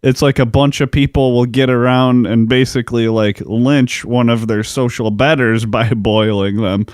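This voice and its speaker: A man with a mid-range voice co-hosts a podcast, telling grim history facts in a relaxed, wry tone. He often drifts into dry asides. The recording is close and dry, with no echo. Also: medium pitch, normal speed. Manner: laid-back, wry, laughs often. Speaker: podcast co-host, history researcher. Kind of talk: casual chat mixed with history recounting.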